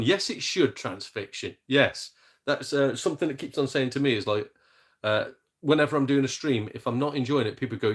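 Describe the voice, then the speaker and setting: A man's voice: medium pitch, fairly quick. A man hosting a casual live game stream, chatty and self-mocking, reading out viewers' messages. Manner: chatty, jokey and self-mocking, with mild swearing. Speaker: gaming streamer.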